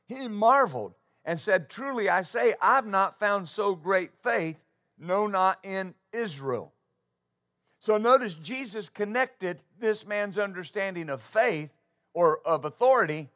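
Male pastor, sermon delivery, slightly high voice, emphatic rhetorical style. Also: lively intonation. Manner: emphatic preaching with rhetorical questions, building to loud stresses; halting with uh fillers when starting.

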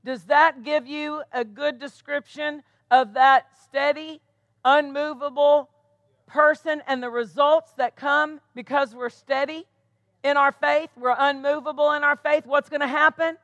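A woman pastor delivers a sermon in a high, bright voice. She preaches emphatically and keeps asking her listeners rhetorical questions. The sound is close and dry. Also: fairly even intonation, unhurried, dry recording, lo-fi sound.

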